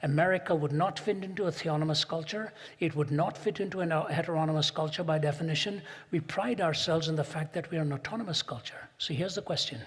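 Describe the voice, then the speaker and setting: A man's voice: fairly high pitch, quick pace, hardly any pauses, slightly rough. A man giving a public lecture, rhetorical and building to emphatic peaks, recorded in a large auditorium. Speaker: speaker. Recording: long reverb in a big hall.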